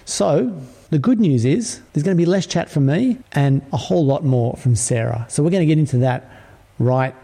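A man's voice: a little high, animated, normal speed, creaky, warm tone. A middle-aged man hosting a podcast, reading an upbeat, emphatic scripted intro before chatting with his guest. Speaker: podcast host.

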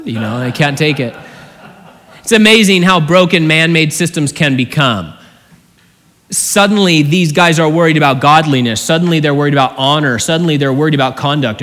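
A man preaching an expository sermon as a pastor, earnest and full of rhetorical questions, his voice often dropping low at the ends of phrases. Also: lively intonation, moderate pace, fairly bright tone. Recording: long hall reverb.

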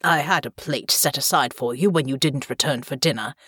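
A woman's voice: extremely low pitch, brisk, fairly bright tone, slightly rough, dry recording, clean studio sound, pitched below the performer's own voice, full character voice. Woman doing a fretful noble father. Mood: doting. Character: gentle doting noble father, older man.

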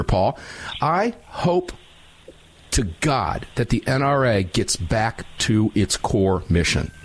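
A man's voice: mid-range voice, husky. A man hosting a talk radio show, chatting in a rambling, agreeable way with a guest.

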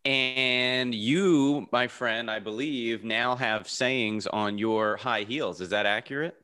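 A man's voice: medium pitch, slow, sharp tone, smooth. A man hosting an interview, asking friendly questions with frequent ums and uhs. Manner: friendly, with many fillers. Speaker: interview host. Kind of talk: interview conversation.

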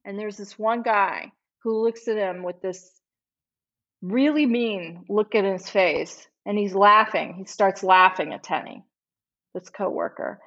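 A woman's voice: medium pitch, a bit bright. A woman trial lawyer, a podcast guest, telling a case story vividly and acting out what people said. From Los Angeles-based. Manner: vivid retelling, acts out quoted speech. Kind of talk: storytelling in conversation. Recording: dull lo-fi audio.

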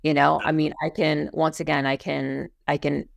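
A woman's voice: deep voice, little pitch movement, moderate pace, gravelly, dry recording. A young adult woman co-hosting a podcast, talking in a heated, rambling way with many fillers and restarts. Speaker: podcast co-host. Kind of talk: casual opinion talk.

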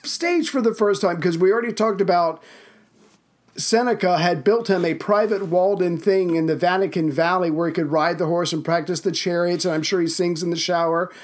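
A man's voice: high-pitched, steady tone, a little fast. A man co-hosting a casual chat, joking, swearing and bursting into silly voices. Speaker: podcast co-host.

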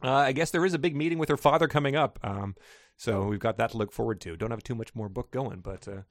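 A man's voice: medium pitch, quick pace, no room sound. A man co-hosting a casual comedic podcast, reading book passages aloud and sarcastically riffing on them. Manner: sarcastic, reads passages aloud then riffs. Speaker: podcast co-host.

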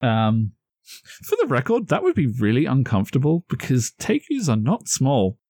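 Male game master, easygoing scene narration, medium pitch, dry close mic. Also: normal speed, no echo. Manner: relaxed, with fillers and laughs.

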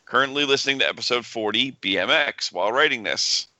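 A man co-hosting a casual podcast, talking in a halting, stuttery way and stumbling over words as he reads. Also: medium pitch, expressive, sharp tone, no room sound. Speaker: podcast co-host.

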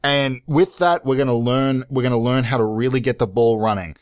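A man's voice: fairly quick, dry recording, studio quality. Rambling, self-mocking young man podcasting. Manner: rambling, self-mocking, with many restarts and sudden jumps in pitch. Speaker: podcast host. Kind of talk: solo comedic podcast monologue.

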